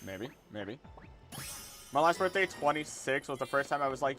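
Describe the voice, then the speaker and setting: A young man in his twenties talks to his chat while he plays, his words tumbling out in loose, repeating loops. His voice jumps up and down a lot, with a bright edge to it, and soft music plays faintly underneath. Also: a little high, animated, moderate pace. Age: 20s. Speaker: streamer. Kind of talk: casual gameplay livestream chat.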